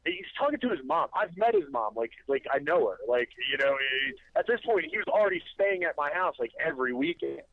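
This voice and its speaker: A man's voice: a little high, no room sound. Rambling man telling stories down a phone line. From Delaware. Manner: rambling, many restarts, acts out quotes. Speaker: podcast guest, wrestling promoter. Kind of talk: casual road-story chat. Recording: dry tinny phone-line sound.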